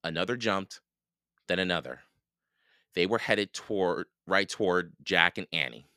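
A man reading a children's book aloud for a podcast, slow and expressive. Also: sits low, clear, resonant tone, no echo, clean studio sound. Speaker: podcast read-aloud host.

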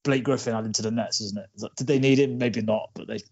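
A man's voice: medium pitch, steady tone, quick pace, highs cut off. A man on a podcast, reflective and easygoing as he discusses a film.

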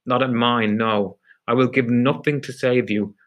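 A man reading a story aloud, voicing a furious male prison official who shouts contemptuously at a newcomer. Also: medium pitch, steady tone, a little slow, lightly acted. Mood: scornful.

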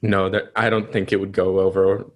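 A young man co-hosting a casual podcast, easygoing and supportive, nudging the conversation along with quick agreement. His voice sits a little low for a man. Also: flat delivery. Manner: easygoing, supportive listener, frequent backchannels. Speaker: podcast co-host. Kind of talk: casual chat.

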